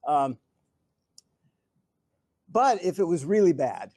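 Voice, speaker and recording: Brief: older male guest speaker, slightly high voice, dry close sound, animated chuckling anecdotes. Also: takes it slowly, no room sound. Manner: animated, chuckling storyteller with frequent restarts. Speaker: guest speaker answering audience questions. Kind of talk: live Q&A anecdote telling. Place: event hall before an audience.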